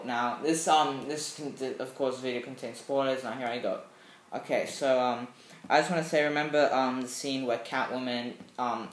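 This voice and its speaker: A man gushes about a movie in a loose, rambling review, throwing in sound effects and fillers as he goes. His voice sits mid-range for a man. The room around him is echoey. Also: medium pitch. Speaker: movie fan vlogger. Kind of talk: casual film review chat.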